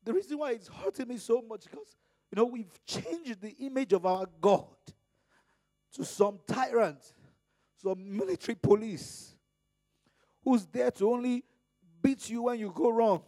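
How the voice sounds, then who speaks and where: A man from Nigeria preaching a fervent sermon in a high, mellow voice. He surges into loud, emphatic peaks, drops to hushed asides, and stretches out the scripture he quotes. The recording is close and dry, with no room sound. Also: measured pace, no room sound.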